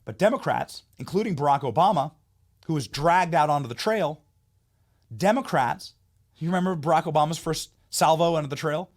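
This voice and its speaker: A man's voice: fairly high pitch, moderate pace. A man hosting a political commentary show, talking in a heated, mocking, emphatic way. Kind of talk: opinionated commentary monologue.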